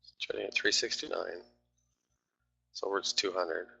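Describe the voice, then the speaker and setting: A man's voice: low voice, flat delivery, a little slow, gravelly, sharp tone, husky, dull audio. A man talking through live trades on a stream, grumbling and swearing at his trading platform.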